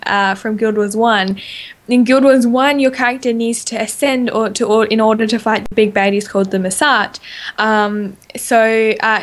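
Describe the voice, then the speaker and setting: A woman with an Australian accent, co-hosting a podcast and chatting excitedly about game lore with plenty of fillers. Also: mid-range voice. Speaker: podcast co-host. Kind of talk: casual podcast chat.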